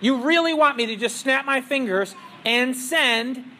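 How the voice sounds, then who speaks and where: A man's voice: very high-pitched, a little slow, pushed and bright, a little hiss or hum, heavily acted. A man voicing a scornful, sarcastic king who mocks the people pleading before him with incredulous questions. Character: sarcastic, scornful male king mocking his petitioners.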